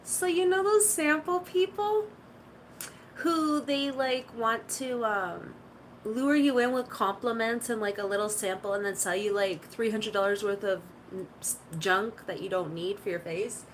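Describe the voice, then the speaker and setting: Woman streamer, casual and chatty, meandering anecdotes, a bit high-pitched, faint hiss behind. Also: a little slow, poor audio. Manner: rambling storytelling, full of "like". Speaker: live streamer. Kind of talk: casual chat to stream viewers.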